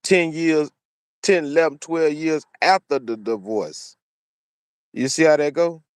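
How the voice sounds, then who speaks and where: Opinionated and preachy, a commentary channel host keeps repeating his points and phrases in solo commentary. His fairly high, clean-toned voice moves at a measured pace, captured in clean studio sound without echo.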